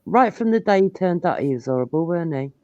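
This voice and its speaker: A middle-aged woman with a Cockney accent, hosting a casual live-stream chat, telling animated stories and swearing freely. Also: lowish voice, fast talker, no room sound. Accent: London Cockney. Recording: dull lo-fi stream audio.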